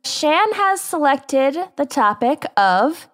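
A woman's voice: high voice, sing-song, slow, fairly bright tone. A woman co-hosting a casual podcast, upbeat and jokey as she leads the segments. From Minnesota. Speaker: podcast co-host. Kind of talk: casual chat.

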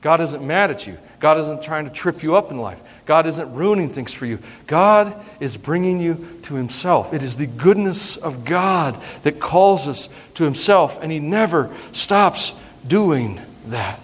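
A male pastor preaching a sermon in an animated, humorous way, teasing his congregation. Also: fairly high pitch, unhurried. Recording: long hall reverb.

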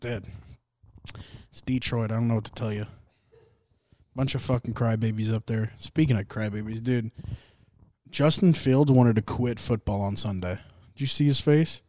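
A man's voice: medium pitch, moderate pace, warm tone. A young man hosting a laid-back sports podcast, rambling, joking and swearing as he reacts to games. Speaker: podcast host. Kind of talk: casual sports chat.

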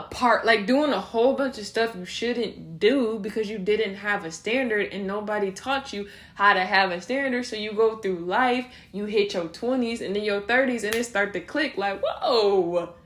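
A young woman talks through a faith-based podcast episode. She is casual and animated, and small laughs slip in between her phrases. She keeps an easy, middle-pitched speaking voice throughout. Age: young adult. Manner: animated, slips into acted voices for quotes. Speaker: podcast host.

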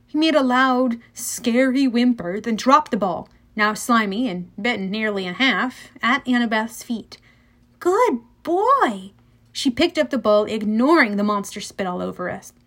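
A woman narrating a children's fantasy audiobook in the first person, lively and storytelling. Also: on the high side, moderate pace, few pauses.

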